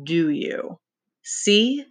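A woman's voice: medium pitch, very animated, voice pushed up. A woman voicing a mocking, menacing pig's-head beast. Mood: taunting menace. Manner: mocking, menacing, slow and deliberate. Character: taunting sinister pig's-head beast, male. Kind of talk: dramatic read-aloud.

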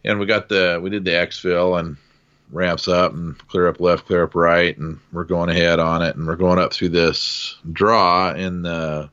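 Deep-voiced guy, forceful bright tone, telling an old helicopter story, swears a lot, kinda muffled recording. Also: measured pace, clean tone. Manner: relaxed, profane, acts out quoted shouts. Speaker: military aviation veteran, former door gunner. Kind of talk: casual storytelling conversation.

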